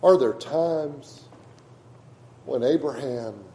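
A man's voice: mid-range voice, drawn-out words, dark tone, reverberant, slight background noise, poor audio. A man preaching a sermon to a congregation in a conversational way, often asking them questions. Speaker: pastor.

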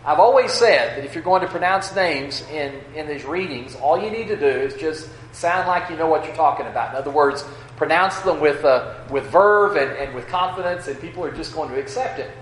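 A man with a West Texas accent delivers a sermon in a church with a faint hum behind him. His voice sits a bit high and he talks in a halting, folksy way, full of fillers and restarts. The room gives every word an echo. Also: lively intonation, fairly bright tone. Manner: hesitant, many uh fillers and restarts, folksy asides. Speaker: preacher. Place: church sanctuary.

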